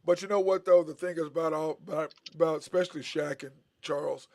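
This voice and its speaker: High-pitched middle-aged guy, ex baller, chatting sports, super animated storyteller. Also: fast, gravelly. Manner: animated storyteller, mimics others with big pitch jumps. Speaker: podcast co-host, former basketball player. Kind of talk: casual sports chat.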